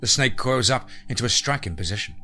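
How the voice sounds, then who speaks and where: Husky-voiced man narrating a horror story. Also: medium pitch, lively intonation, fast talker, sharp tone, faint music behind. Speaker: podcast host and narrator.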